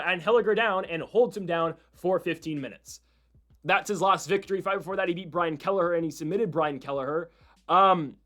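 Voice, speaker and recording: A man's voice: high voice, fairly bright tone. A man hosting casual MMA fight predictions, rambling and correcting himself with incredulous asides. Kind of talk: casual sports commentary.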